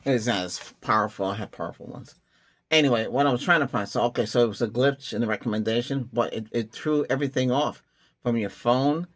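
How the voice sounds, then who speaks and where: Husky-voiced rambling tech vlogger man. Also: mid-range voice, a little fast, fairly bright tone. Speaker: tech channel host. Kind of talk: casual rambling vlog talk.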